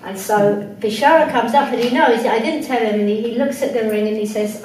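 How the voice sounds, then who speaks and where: A woman with a fairly high voice tells a personal story to a gathering, animated and emotional, with laughter between her lines. She sounds far from the microphone, in a very echoey indoor room, with faint noise underneath. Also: brisk, hardly any pauses. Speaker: guest speaker. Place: indoor room with a group of people.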